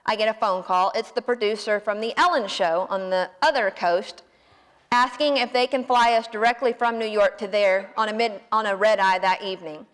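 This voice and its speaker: A woman in her late twenties with a Southern American accent, telling a personal story in a folksy, animated way. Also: a little high, in a large hall. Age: 20s. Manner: folksy, animated, self-deprecating. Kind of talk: personal story told to an audience.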